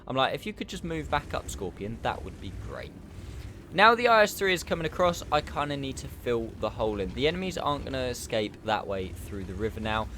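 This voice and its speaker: A man's voice: mid-range voice, very animated, a little fast, sharp tone, a little hiss or hum. A man giving chatty, upbeat and self-mocking commentary over his own game footage as a gaming YouTuber. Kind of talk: gameplay commentary.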